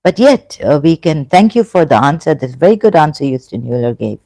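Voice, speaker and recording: A host from England talking through a religion discussion in a casual live chat, halting and thinking aloud as they go. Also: mid-range voice, sing-song, mellow, dry recording.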